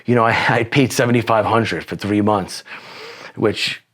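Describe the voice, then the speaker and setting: A podcast guest with a fairly low yet fairly bright voice speaks in a steady tone at normal speed, casually telling the story of his life. The account rambles, with lots of swearing and a nonstop stream of "you know."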